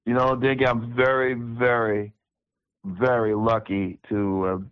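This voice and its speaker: An older man telling road stories in a relaxed interview, stumbling and repeating words as he goes. His voice is mid-pitched, and the sound is dry and a little dull, close on the mic. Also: a little slow, clean tone, no echo. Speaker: musician guest. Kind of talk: casual storytelling interview.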